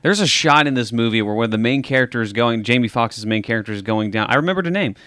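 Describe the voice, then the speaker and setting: A man's voice: mid-range voice, animated, fast, fairly bright tone, smooth, no echo, clean studio sound. A man co-hosting a casual podcast chat, talking things through with restarts, "uh" and "um". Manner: chatty, restarts and hesitates with "uh" and "um". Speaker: podcast co-host.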